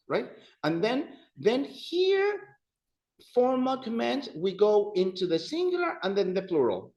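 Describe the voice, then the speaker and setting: A man leading an adult Spanish class, speaking slowly and deliberately. His voice sits a little high for a man, and he repeats each word patiently so his students can practice it. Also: wildly swooping pitch, creaky, a little mellow, highs cut off. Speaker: Spanish teacher. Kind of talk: adult evening class teaching.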